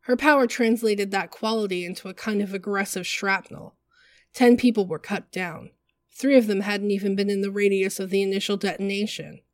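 A woman narrating a work of fiction in a measured, vivid storytelling manner. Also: mid-range voice, fairly even intonation, dry recording.

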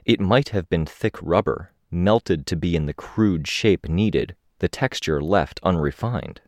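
Deep-voiced male audiobook narrator. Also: a little slow, no echo, clean studio sound. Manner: steady, descriptive first-person reading.

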